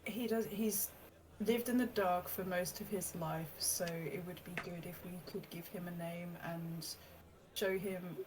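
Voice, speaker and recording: Soft-spoken woman, distant mic. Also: on the low side, steady tone, a little slow, crowd noise. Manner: soft, tender, repeats herself. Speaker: player. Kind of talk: tabletop role-play.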